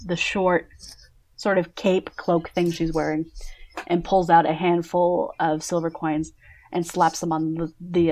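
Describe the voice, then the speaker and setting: A woman's voice: lowish voice, darkish tone. A woman running a tabletop game as game master, narrating scenes in a casual, descriptive way with many fillers.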